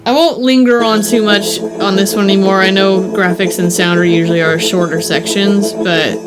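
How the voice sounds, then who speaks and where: A woman's voice: mid-range voice, steady tone, normal speed, loud music behind the voice. A young woman co-hosting a gaming podcast, speaking bluntly and swearing as she reads out review notes. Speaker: podcast co-host. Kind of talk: casual chat.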